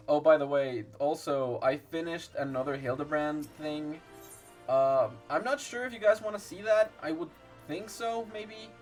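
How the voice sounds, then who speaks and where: A man's voice: on the high side, measured pace, faint music behind. A man chatting casually while streaming a game, rambling and laughing often.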